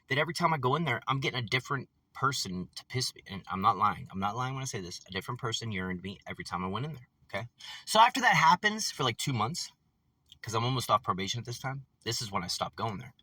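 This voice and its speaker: A man's voice: medium pitch, lively intonation, quick pace, sharp tone, husky, dry recording. A man ranting in a rambling vlog, agitated and profane, repeating himself as he tells his story. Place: in a vehicle after work. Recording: distant mic with faint vehicle noise.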